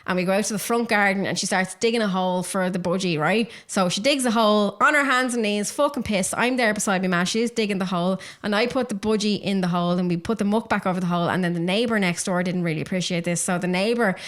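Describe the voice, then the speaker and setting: A woman's voice: medium pitch, fast, hardly any pauses, fairly bright tone. An Irish woman co-hosting a podcast, telling stories bluntly with plenty of swearing. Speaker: podcast co-host. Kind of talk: casual chat.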